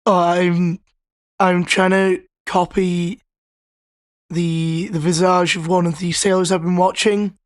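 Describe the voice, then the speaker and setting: Flat-voiced tabletop player. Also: mid-range voice, takes it slowly. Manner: brief, matter-of-fact answers. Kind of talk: casual chat.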